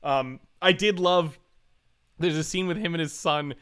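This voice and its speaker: A man co-hosting a podcast, chatting casually about a movie, animated and laughing often. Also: fairly high pitch, unhurried, smooth. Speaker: podcast co-host. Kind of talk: casual movie review chat.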